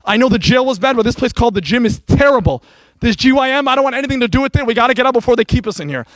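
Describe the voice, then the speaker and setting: A panicked alien visitor, as a man puts him on, talking in an urgent, alarmed rush. The voice is high and sits dry and close to the mic. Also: animated, racing, a bit bright, dry recording.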